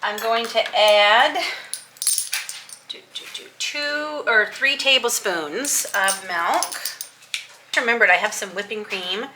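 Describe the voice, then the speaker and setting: A middle-aged woman chatting through a home baking vlog in her kitchen, homey and quick to laugh. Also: fairly high pitch, noisy background. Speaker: homesteading vlogger.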